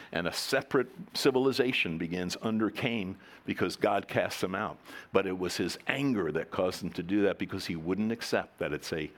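A middle-aged man preaching a sermon in a conversational, joking way, acting out the voices of the people in his stories. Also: deep voice. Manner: conversational, jokey, acts out quoted voices. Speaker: pastor.

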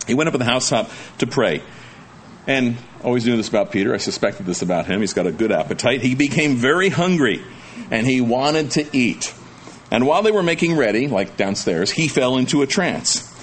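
A man preaches at an ordinary middle pitch, moving from reading scripture aloud to loose, joking explanation aimed at his congregation. His delivery is folksy and conversational, full of quick asides. A faint hiss of noise sits under the recording. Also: animated. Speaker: pastor.

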